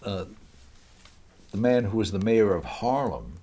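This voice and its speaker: An older man, a guest in a casual interview, telling stories in a halting way with many pauses. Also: on the low side, sing-song, dark tone. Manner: hesitant, halting storytelling with many uhs.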